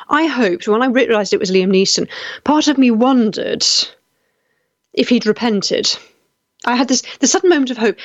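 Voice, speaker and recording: A woman's voice: on the high side, no echo, highs cut off. A woman hosting a live talk show, speaking with indignation, often restarting her sentences as she reads viewer comments. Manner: indignant, halting with frequent restarts. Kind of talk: casual live-stream commentary.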